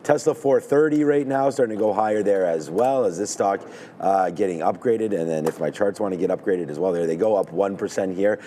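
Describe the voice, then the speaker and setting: Hoarse, low-voiced man chatting about markets. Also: fairly quick, warm tone, slight background noise. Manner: chatty, rambling, jumps between topics. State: hoarse, lost voice. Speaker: stock market show co-host. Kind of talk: casual live market chat.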